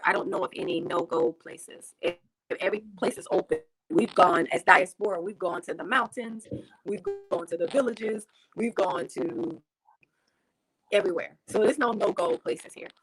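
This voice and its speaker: A woman's voice: mid-range voice, normal speed, a bit bright, slightly rough, poor audio. A woman from the United States speaking as an interview guest, chatty, with frequent fillers and restarts. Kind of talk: casual interview talk.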